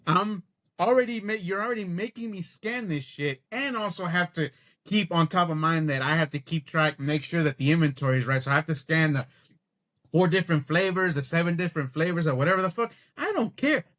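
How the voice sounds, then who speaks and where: Brief: middle-aged guy, slightly raised pitch, ranting profanely in casual chat. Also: brisk. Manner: animated, profane ranting storyteller. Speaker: podcast co-host.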